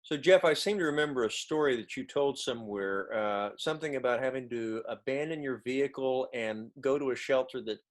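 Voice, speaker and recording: A man's voice: mid-range voice, brisk, few pauses. A man hosts an interview and asks his questions hesitantly, restarting them and filling the gaps with ums and uhs. His delivery is casual and conversational. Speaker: interview host.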